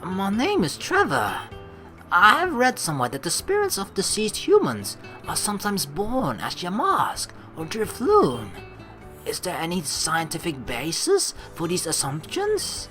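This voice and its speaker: An earnest, bookish young male student from a visual novel, voiced by a woman. He talks softly and politely, asking careful questions, his pitch moving in wide swings. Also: huge pitch swings, measured pace, soft background music, full character voice. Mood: curious. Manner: polite, quiet, inquisitive.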